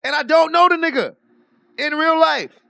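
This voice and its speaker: A streamer with a high, gravelly male voice launches into a casual rant, telling a story loosely and with plenty of profanity. He's animated and laughs easily, and the recording is dry and close with no room sound at all.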